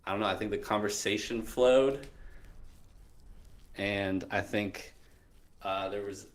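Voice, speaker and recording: Hesitant young man with a low voice. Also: steady tone, slow. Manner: earnest, hesitant, trailing off softly. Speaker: caller asking for dating advice. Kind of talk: casual call-in chat.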